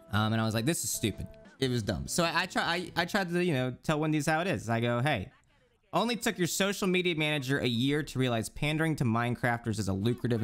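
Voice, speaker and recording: Animated young male streamer, lively pitch. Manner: animated, profane, joking rants; breaks into high squeaky voices to mimic others. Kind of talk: casual live-stream chat.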